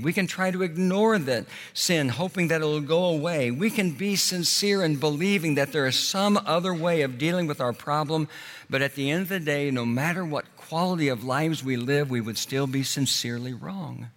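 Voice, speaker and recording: Earnest man preaching in a reverberant hall. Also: fairly bright tone. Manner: earnest, slows and drops low on key words. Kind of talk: sermon.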